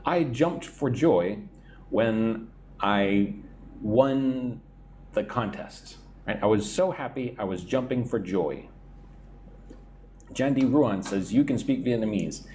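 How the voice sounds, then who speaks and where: A man's voice: lowish voice, expressive, slow pace, long pauses, dark tone, a little hiss or hum. A man teaching English idioms on a live stream, reading out viewer comments and checking in with "right?" as he explains.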